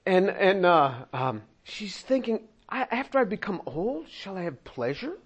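A man preaching through a Bible passage, animated, laughing often and acting out the quoted lines in voices. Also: sits high, measured pace, husky, muffled recording. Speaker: pastor. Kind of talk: expository sermon reading and commenting on scripture.

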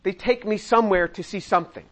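A man's voice: high voice, quick pace, poor audio. An older man teaching a Bible study in a conversational way, acting out quoted voices and chuckling now and then.

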